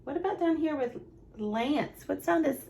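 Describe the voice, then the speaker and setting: A young woman, a nursery teacher going slowly and encouragingly through a lesson for small children. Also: high-pitched, lively intonation, creaky, mellow. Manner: slow, sing-song, encouraging teacher talk.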